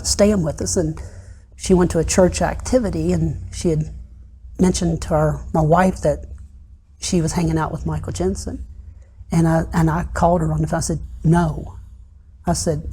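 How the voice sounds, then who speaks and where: A middle-aged man giving a personal testimony in an interview, retelling events haltingly with many pauses and often dropping soft and low. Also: a little hiss or hum. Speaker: interview guest.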